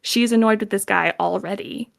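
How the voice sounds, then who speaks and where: Gravelly-voiced woman with a Southern accent. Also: medium pitch. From southern United States. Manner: animated, laughs often, mixes in quick demo voices. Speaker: professional voice actor guest. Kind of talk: casual interview chat.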